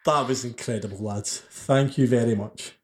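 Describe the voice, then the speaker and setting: A man's voice: mid-range voice, moderate pace. A man hosting a wrestling podcast, chatting casually and joking and laughing often. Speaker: podcast host. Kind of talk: casual chat.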